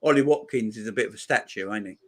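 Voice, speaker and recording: A man hosting a live football watchalong, giving casual commentary and chatting back to viewer comments. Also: fast talker. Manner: reacts loudly to chances on the pitch. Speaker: watchalong host.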